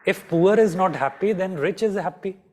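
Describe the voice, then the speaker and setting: A man's voice: high voice, moderate pace, darkish tone. A man teaching an online astrology class, often asking students by name and repeating his questions.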